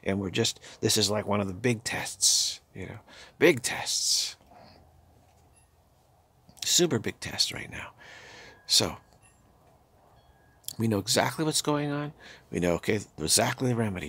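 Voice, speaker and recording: Older male spiritual teacher, gravel in a low voice, meditative repetitive delivery. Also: animated. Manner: halting, repetitive, drops into soft murmured chanting.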